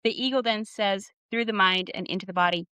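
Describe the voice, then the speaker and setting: A woman's voice: mid-range voice, brisk, sharp tone, clean tone, no room sound. A woman coach in her thirties, guest on a podcast, explaining her ideas earnestly in a casual conversational way and acting out bits of inner dialogue.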